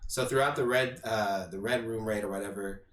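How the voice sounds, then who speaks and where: A man's voice: on the low side, fairly quick, fairly bright tone. A young man co-hosting a casual movie podcast, eagerly recapping scenes, acting out quotes and swearing freely. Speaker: podcast co-host. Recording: roomy echo, distant mic, faint hiss.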